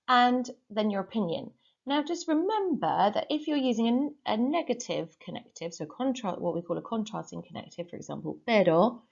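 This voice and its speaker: A woman's voice: medium pitch, a little mellow, dull audio. Patient woman teaching a language lesson. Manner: clear, patient instructions with repeat-after-me drills. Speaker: Spanish teacher. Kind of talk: recorded classroom lesson.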